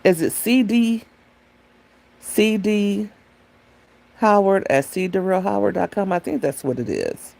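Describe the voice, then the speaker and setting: A woman hosts a laid-back livestream and talks straight to her viewers in a mellow, warm voice. She rambles from one thought to the next and reads comments from the chat aloud. She is talking into a phone. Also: mid-range voice, lively intonation, a little slow, gravelly, pauses often. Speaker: livestream host.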